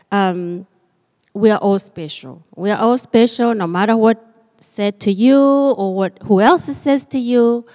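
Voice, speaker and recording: A woman gives a children's talk in church, slowly and hesitantly, with frequent fillers. Her pitch sits in the middle range. The hall adds a long, lingering reverb. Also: darkish tone. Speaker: church member telling a story to children.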